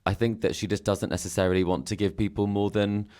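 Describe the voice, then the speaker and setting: A man co-hosting a podcast, talking through the matches in a measured, analytical way. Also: fairly low pitch, little pitch movement, a little mellow. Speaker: podcast co-host. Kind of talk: casual analysis chat.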